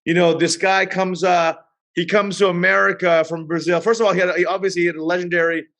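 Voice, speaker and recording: A man's voice: sits high, flat delivery, fast, a bit bright. A man talking with enthusiasm in casual chat, rambling with fillers.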